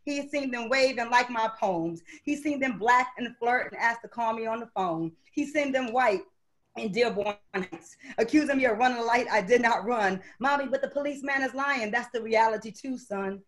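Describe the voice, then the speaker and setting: A woman poet performs spoken-word verse in a rhythmic, declamatory voice that sits fairly high. She speaks over a video call, and her lines land with steady force. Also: moderate pace. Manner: rhythmic, declamatory poetry delivery.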